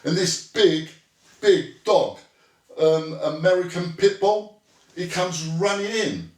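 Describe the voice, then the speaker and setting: Bloke, old bouncer telling war stories, blunt, swears a lot, echoey room, sitting a bit off the mic. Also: male voice, high-pitched, expressive, slow pace, a little mellow, recorded from a distance. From Britain. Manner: blunt, swearing, acts out quoted dialogue. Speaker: former bouncer, interview guest. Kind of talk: storytelling anecdote.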